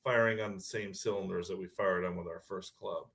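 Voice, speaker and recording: Low-voiced man telling lively stories. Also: gravelly. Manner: lively storytelling, quick to laugh. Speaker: guest, pickleball club founder. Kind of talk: casual podcast chat.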